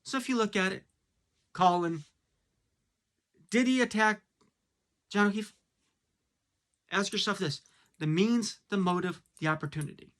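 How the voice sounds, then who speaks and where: A man's voice: high-pitched, a little slow, long pauses, fairly bright tone. A man giving a blunt, casual opinion monologue, full of fillers and rhetorical questions. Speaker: commentator.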